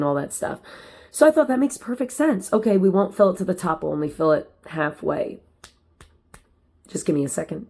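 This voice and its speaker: Chatty woman with a low alto voice. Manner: chatty, animated, addresses viewers directly. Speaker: vlogger. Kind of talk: casual personal storytelling to camera. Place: at home, lit by window light.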